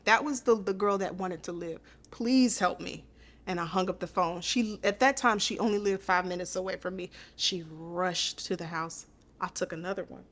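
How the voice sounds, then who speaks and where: A woman's voice: medium pitch, a bit bright. A woman guest on a podcast, telling a hard personal story in an earnest, intimate way, often repeating her phrases.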